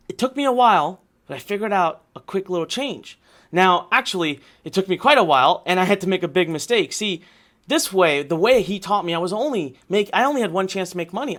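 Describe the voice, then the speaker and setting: High-voiced man giving a salesy pitch. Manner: animated, repetitive, salesy storytelling with many "okay?"s. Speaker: online marketing instructor. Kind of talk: energetic workshop pitch.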